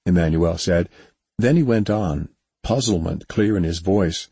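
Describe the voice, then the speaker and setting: A man narrating an audiobook in an even, unhurried storytelling manner. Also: sits low, husky, no echo.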